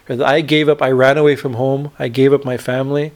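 Male swami teacher, gravelly mid-pitched voice, halting storytelling with fillers. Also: level tone. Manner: halting, many fillers and repeated "right?". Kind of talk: spiritual discourse retelling a story.

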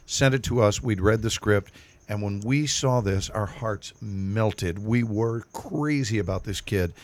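A man's voice: fairly low pitch, a little slow. A man, a guest actor in a casual studio chat, telling playful stories. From Texas. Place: radio studio.

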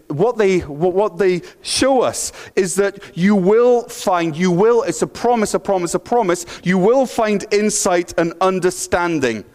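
A man preaching a sermon in an energetic, playful, conversational way. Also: sits high. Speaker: pastor.

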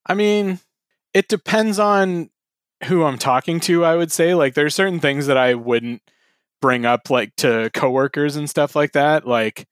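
A man in his thirties chatting casually on a podcast, relaxed and swearing now and then. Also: a little high, unhurried, smooth, no echo. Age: 30s. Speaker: podcast co-host. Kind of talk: casual chat.

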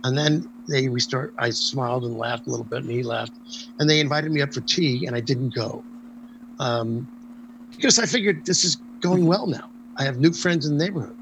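An older man, a former stage performer, telling a lively anecdote in an interview with frequent ums and restarts. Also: mid-range voice, moderate pace, vocal fry, slight background noise, poor audio. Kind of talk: storytelling anecdote in conversation.

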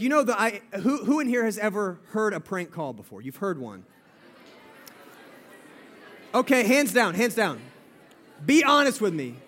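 Young male youth pastor, high voice, casual and playful, repeats lines for emphasis. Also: a bit bright, slight background noise. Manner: chatty and playful, often calls out "guys" and repeats himself. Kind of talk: sermon to a live audience.

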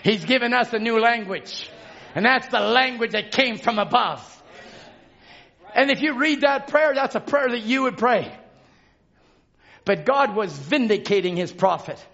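High-voiced fiery male preacher. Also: lively intonation, measured pace, gravelly, long pauses, dull audio. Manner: shouting, call-and-response exhortation. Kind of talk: fervent Pentecostal-style sermon. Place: church sanctuary.

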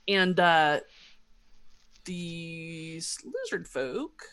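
A woman's voice: fairly low pitch, slow, a bit bright. A woman running a tabletop role-playing game as game master, narrating scenes and voicing characters in a chatty way. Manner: chatty, laughs often, voices characters.

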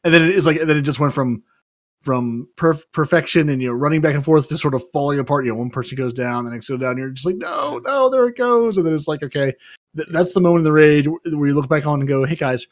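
Fast-talking man tripping over his words. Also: on the high side, steady tone, no room sound, clean studio sound. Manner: quick, stumbling restarts. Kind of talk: casual podcast chat.

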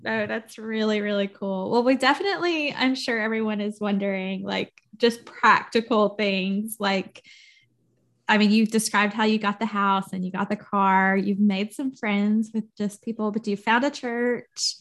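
A woman's voice: medium pitch, fairly even intonation, moderate pace. A woman hosting an interview, asking friendly questions in a casual chat and laughing along. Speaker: host.

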